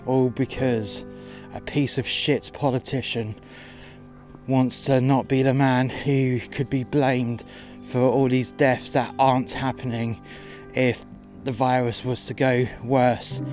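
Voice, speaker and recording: Man, furious profane rant, mid-pitched voice, over clear guitar music. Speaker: podcast narrator, door staff. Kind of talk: angry monologue rant.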